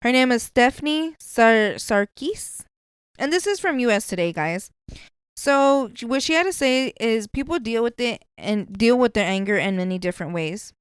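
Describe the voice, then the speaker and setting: A woman's voice: on the high side, expressive, normal speed, clean tone, no echo. A woman hosting a podcast, chatting casually in a blunt, profane way. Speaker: podcast host.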